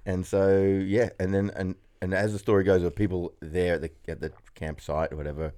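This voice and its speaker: Deep-voiced man in his forties. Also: a little fast. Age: 40s. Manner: relaxed storytelling, laughs often. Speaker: podcast host. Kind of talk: casual chat.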